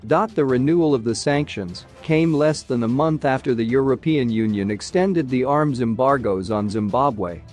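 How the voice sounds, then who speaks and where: A man reading a news bulletin in a steady, even, scripted way. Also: medium pitch, normal speed, few pauses, faint music behind. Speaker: news reader.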